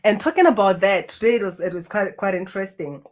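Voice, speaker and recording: A woman's voice: mid-range voice, fast talker. A woman speaking as a spiritual coach in an earnest self-help talk, often restarting and repeating her phrases as she goes.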